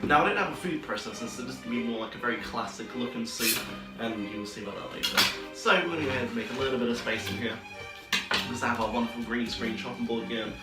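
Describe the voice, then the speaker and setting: Loud, excitable man hosting a cooking show. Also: mid-range voice, fast. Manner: loud and excitable, playful showman. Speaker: host of a cooking video. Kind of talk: comic cooking demonstration. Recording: roomy echo, distant mic, music behind.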